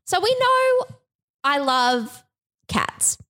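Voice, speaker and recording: A bubbly woman co-hosting a casual podcast, her voice sitting a little high and swinging widely in pitch. She talks theatrically and breaks into loud exclamations from time to time. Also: sing-song, very slow. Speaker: podcast co-host. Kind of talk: casual chat.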